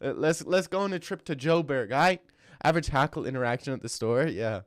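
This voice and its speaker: A young man hosts a casual livestream Q&A, reading chat aloud and tossing out quick jokes. His voice sits at an ordinary middle pitch. The sound is dry and close, with no room echo. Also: animated. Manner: joking, reads chat aloud, quick asides. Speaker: streamer host.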